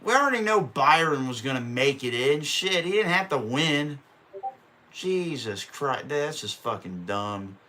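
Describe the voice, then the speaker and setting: Bright-voiced man ranting through a race call. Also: mid-range voice, very animated, measured pace. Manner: profane, openly frustrated ranting. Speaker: streamer calling a race. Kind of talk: casual live-stream play-by-play.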